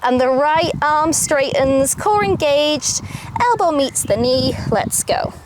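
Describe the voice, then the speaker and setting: Woman yoga instructor, high bright voice, calm step-by-step cues, faint outdoor birdsong behind. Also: slow pace, background noise. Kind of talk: guided yoga class instruction. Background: faint outdoor ambience with birdsong.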